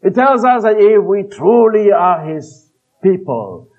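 A man preaching a sermon, earnest and emphatic, slowing down to quote scripture and trailing off softly at the ends of phrases. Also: high-pitched, very animated. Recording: tinny phone-like band-limited recording.

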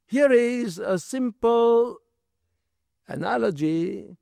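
Male preacher, unhurried and animated, teaches scripture with emphatic rhetorical questions, dry close sound. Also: high-pitched, vocal fry, dry recording. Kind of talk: sermon, Bible exposition.

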